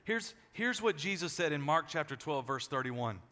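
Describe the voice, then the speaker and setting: Male pastor, sermon, high bright voice, animated and joking, repeats words, big church, echoey hall. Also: normal speed. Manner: animated, joking with the congregation and acting out quotes; often repeats words as he restarts. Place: large church.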